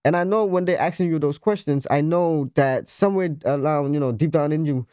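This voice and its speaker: A man talks earnestly on a podcast, repeating his phrases to stress a point. His voice is warm and mellow, and the sound is close and dry. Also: fairly high pitch, brisk, smooth, no room sound. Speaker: podcast co-host. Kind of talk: casual podcast chat.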